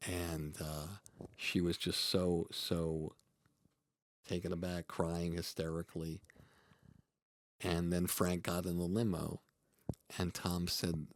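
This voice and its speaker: A low-voiced man tells a story earnestly in a podcast interview. He is a comedy manager who pauses and restarts as he thinks. The sound is close and dry. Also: level tone, dry recording. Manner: earnest, reflective, halting with restarts.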